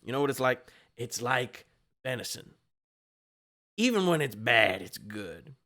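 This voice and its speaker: A man's voice: medium pitch, sing-song, measured pace, bright, forceful tone. A man voicing a portly, friendly male egg-seller with a chummy, wheedling sales manner. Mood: schmoozing.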